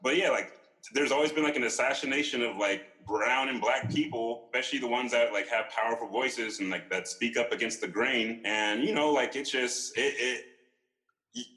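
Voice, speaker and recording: A man speaking in an everyday, mid-pitched voice during a relaxed podcast conversation. He rambles, packs his talk with fillers and curse words, and often stops and restarts as he works through his thoughts. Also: normal speed, low-quality recording. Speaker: podcast guest. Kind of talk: casual conversation.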